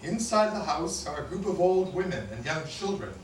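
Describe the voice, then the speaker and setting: A man narrating the stage directions of a play in a plain, measured reading. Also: a little high, animated, slight background noise. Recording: echoey room, mic at a distance.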